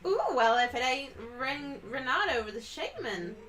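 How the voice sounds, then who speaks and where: A woman's voice: high-pitched, big pitch swings, a little slow. A woman voicing a sassy, flirty barmaid who drawls and teases. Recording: distant mic with faint music.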